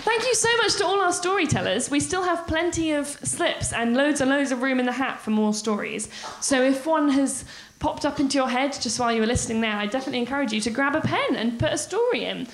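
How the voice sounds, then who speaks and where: A woman's voice: high voice, animated, quick pace, hardly any pauses. A woman hosting a live story slam, bubbly and chatty, laughing between announcements. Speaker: event host. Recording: echoey live venue with crowd and noise.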